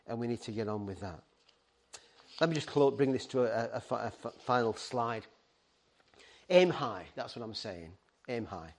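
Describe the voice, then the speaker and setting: A man's voice: mid-range voice, darkish tone. Earnest man preaching a sermon. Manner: earnest, halting with restarts, pleading. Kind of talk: sermon to a ministry team.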